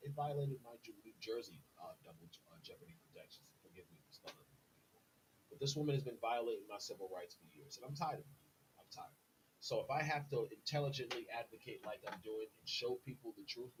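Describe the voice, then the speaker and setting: A man's voice: mid-range voice, slight background noise, low-quality recording. A man delivering an indignant, insistent monologue as a podcast host, repeatedly addressing his listeners as "people". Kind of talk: direct-to-camera monologue.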